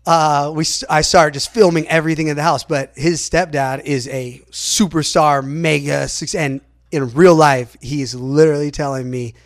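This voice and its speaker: A man, a podcast guest, telling stories in a rambling, animated way, full of "like" fillers and acted-out quotes. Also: on the high side, normal speed, few pauses. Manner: acts out other people's lines in quotes. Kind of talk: casual storytelling in an interview.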